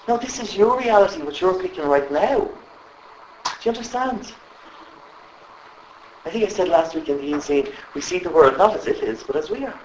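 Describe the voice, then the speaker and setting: An animated trainer with a high voice leads a live workshop for a group in a training room, talking fairly quickly and constantly asking the audience questions. He is far from the mic, and the echoey room carries faint ambience plus a little hiss or hum.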